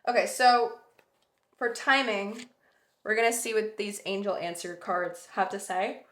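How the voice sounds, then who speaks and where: A woman's voice: mid-range voice, steady tone, measured pace, a bit bright, reverberant. A woman giving a pick-a-card tarot reading, earnest and reassuring as she talks straight to the viewer, a bit sleepy. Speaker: tarot reader.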